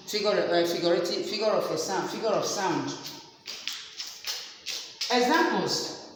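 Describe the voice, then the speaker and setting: A woman teaching a literature lesson, slowly explaining and repeating each example. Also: medium pitch, lively intonation. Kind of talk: classroom lecture. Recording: very echoey room, faint background noise.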